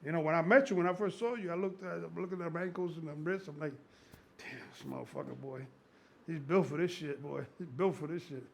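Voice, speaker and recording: A man in his sixties, a strength coach, talking casually in an excitable, profane, rambling way with a gravelly voice. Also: fairly high pitch, fast, a little hiss or hum. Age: 60s. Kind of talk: casual conversation.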